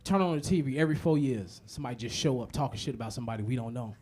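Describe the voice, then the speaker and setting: A man performing a stand-up comedy set. His delivery is animated and profane, and he swings between muttered asides and loud punchlines. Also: mid-range voice, rapid-fire, breathy edge. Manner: animated, profane storytelling with many repetitions.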